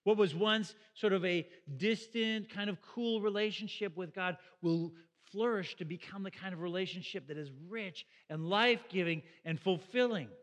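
A man's voice: high-pitched, normal speed, few pauses, fairly bright tone, in a large hall. A middle-aged man preaching a sermon as pastor, in a conversational way that asks the listeners questions. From Canada.

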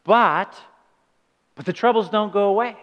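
Male pastor, high voice, emphatic sermon with rhetorical questions, long hall reverb. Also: a little slow, lo-fi sound.

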